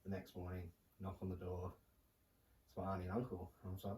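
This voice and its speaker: A young man speaks as a podcast guest, low and mellow in tone with little rise and fall. He talks haltingly, full of fillers and restarts. He sits a little back from the mic in a roomy space with faint noise behind him. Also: level tone, far from the mic. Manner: halting, soft-spoken storytelling with many fillers. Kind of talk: casual podcast conversation.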